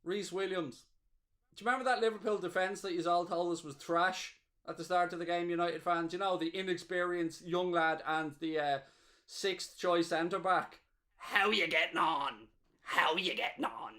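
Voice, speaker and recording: With a high-pitched voice at a moderate pace, a man runs a live watchalong of a football match. He reads viewer chat out loud between excitable bursts of cheering and gloating.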